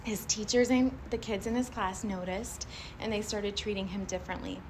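A woman giving a live motivational talk to a group, animated and chatty, often laughing and asking the audience questions. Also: medium pitch, normal speed, noisy background. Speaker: motivational speaker addressing a group.

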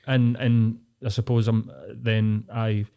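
A man's voice: on the low side, little pitch movement, warm tone, clean tone. Sweary man ranting on a podcast. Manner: sweary, ranting, drawn-out pauses. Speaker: podcast host. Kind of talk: casual podcast chat.

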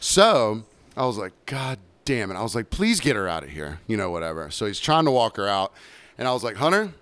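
A man spins a profane tale from behind the bar, slipping into the voices of customers and coworkers as he goes. His pitch rises and falls a lot as he talks. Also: brisk, clean tone, no room sound. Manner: animated, profane, acts out quoted voices. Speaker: bartender. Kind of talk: casual storytelling chat.

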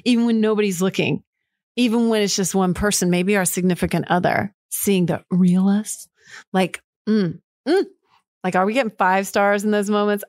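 A woman's voice: mid-range voice, no room sound, clean studio sound. A middle-aged woman hosting a podcast, talking candidly and reflectively on her own, rambling with fillers and quoting herself. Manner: candid, rambling, with frequent fillers and self-quotes. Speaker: podcast host. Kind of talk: reflective solo monologue.

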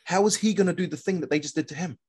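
A man from New Zealand with a New Zealand accent, a podcast guest telling a long story in a casual, animated way, full of fillers, restarts and "bro". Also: high-pitched, very fast, husky.

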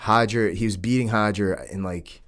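A man in his late thirties with a lowish voice chats loosely on a podcast. He grew up near New York and peppers his stories with dude and man. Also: fairly even intonation, normal speed, fairly bright tone. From New York, United States. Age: 30s. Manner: easygoing, says dude and man often. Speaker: podcast host. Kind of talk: casual chat.

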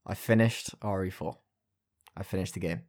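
A laid-back British man in a casual podcast chat, with a fairly low voice. He keeps his replies short and easy. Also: moderate pace, darkish tone. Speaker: podcast co-host.

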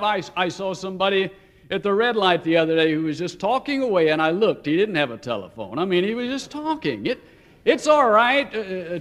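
A man with a high voice delivers a sermon in a story-telling way. He lingers slowly on weighty phrases, then hurries through his asides. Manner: story-telling, shifts between slow emphasis and quick asides. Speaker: preacher.

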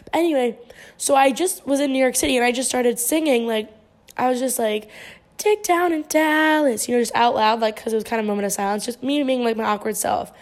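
A woman's voice: on the high side, steady tone, fast talker, a little mellow. A woman in her twenties, a podcast host telling a story in casual chat, rambling and swearing freely. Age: 20s. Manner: profane, rambling, heavy use of "like".

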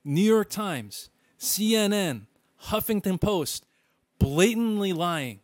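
A man co-hosting a podcast who talks earnestly and with force. His voice sits a little higher than usual, and the recording is dry and close. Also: no room sound. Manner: agreeing, affirming, then earnest and forceful. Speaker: podcast co-host. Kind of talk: casual podcast talk.

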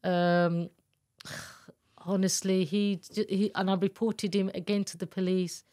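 A woman's voice: mid-range voice, little pitch movement, slow pace, mellow. A woman telling her own story in an interview, candid and earnest, acting out the voices of people she quotes. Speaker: guest, abuse survivor telling her story. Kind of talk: emotional personal storytelling.

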